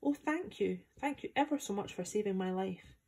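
A woman voicing a tiny, proud mouse queen with a squeaky little voice in a storybook reading. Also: lively intonation, normal speed, dark tone, husky. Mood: indignant.

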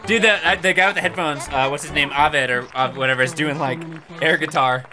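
A young man casually commenting on a game he is playing, jokey and excitable, often shouting at the screen. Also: a little high, fast talker. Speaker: let's play host. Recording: voice over game music.

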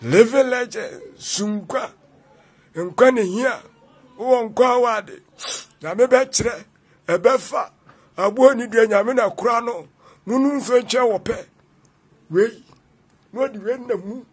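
A man giving excited reaction commentary, exclaiming and repeating calls to God, sometimes half-singing. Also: very high voice, slow, long pauses, slightly rough.

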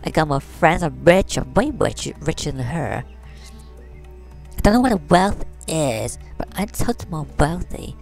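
Woman doing a bitchy vain barbie doll, deep gravelly voice, all totes and like, faint music behind. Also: expressive, measured pace, a little mellow, full character voice. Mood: boastful. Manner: valley-girl slang, boastful and bitchy. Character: vain, catty adult woman fashion doll. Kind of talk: comedic game commentary in character.

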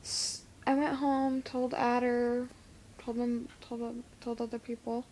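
Slow, hesitant teen girl with a lisp. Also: on the high side, level tone, darkish tone, slight background noise. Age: teens. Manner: hesitant, halting with many fillers. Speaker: vlogger. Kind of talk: casual vlog talk to camera. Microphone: phone camera.

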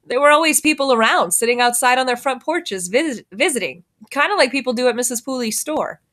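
A quiet, thoughtful young girl, soft-spoken and reserved, voiced by a woman reading a storybook aloud. Her lines come gently and simply, in a slightly high voice. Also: lively intonation, brisk. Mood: explaining.

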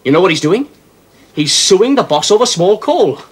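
An actor with a Welsh accent playing a blunt but affectionate miner husband in a 1970s television drama. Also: male voice, sits high, big pitch swings, normal speed, exaggerated voice. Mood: chatty. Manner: rough, chatty, affectionate. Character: blunt, fond Welsh miner, adult man.

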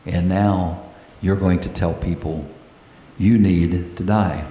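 Male pastor, low voice, slow deliberate sermon delivery, reverberant sanctuary sound. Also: fairly even intonation, mellow, a little hiss or hum. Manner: earnest, slow preaching with prayerful pauses. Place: church sanctuary. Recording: echoey church hall.

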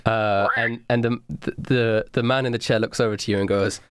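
A man narrating a tabletop game as game master, describing scenes in a relaxed, casual way. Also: on the low side, normal speed, clean tone, dry recording, clean studio sound.

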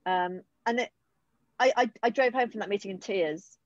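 A woman's voice: mid-range voice, no echo. Heartfelt British woman, muffled call. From United Kingdom. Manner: heartfelt, emotional, with halting restarts. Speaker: guest. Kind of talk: personal recovery story in conversation.

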